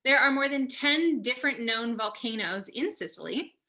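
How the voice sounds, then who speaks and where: A woman's voice: fairly high pitch, lively intonation, normal speed, pushed and bright. Upbeat chatty woman hosting a tasting. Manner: chatty, upbeat, lots of fillers. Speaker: host of online wine tasting. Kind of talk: casual hosting.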